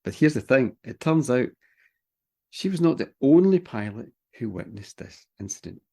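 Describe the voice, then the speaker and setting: A man co-hosting a podcast in a relaxed, wry, casual way. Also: mid-range voice, moderate pace. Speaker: podcast co-host. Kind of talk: casual chat.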